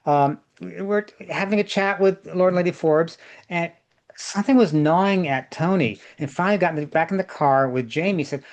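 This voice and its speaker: A man's voice: on the high side, moderate pace. A man organizing a group tour, giving chatty, jokey travel advice over a video call and repeating words for emphasis.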